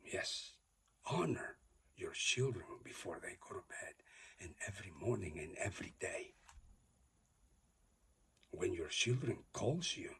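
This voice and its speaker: A man giving an emphatic, preachy motivational monologue that swings between loud declarations and whispers, repeating his exhortations. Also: sits low, sing-song, a little slow, creaky, long pauses, slightly rough. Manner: repetitive, exhorting. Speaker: motivational speaker.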